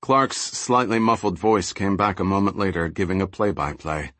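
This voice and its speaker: A man reading a thriller audiobook in a steady, low-key scripted narration. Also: moderate pace, no echo.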